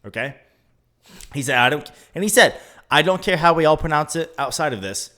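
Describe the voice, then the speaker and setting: A man co-hosting a podcast, ranting in a casual chat. His voice sits a little high and swings widely, and he laughs often as he talks. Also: animated, fairly quick, sharp tone. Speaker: podcast co-host.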